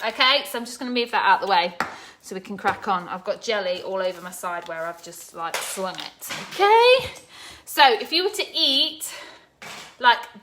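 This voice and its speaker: A woman with a fairly high voice chats her way through a live cooking stream, practical and friendly with her viewers. She talks into a phone propped on the counter of a home kitchen, with household noise clearly audible behind her. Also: sharp tone. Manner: chatty, practical, greets viewers by name. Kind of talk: casual live cooking chat. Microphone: phone camera propped on the counter.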